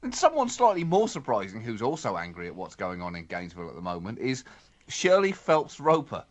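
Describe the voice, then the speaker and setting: A man's voice: on the low side, sing-song, brisk. A man co-hosting a satirical comedy podcast in a sardonic, mock-exasperated way, groaning at his partner's puns. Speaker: co-host.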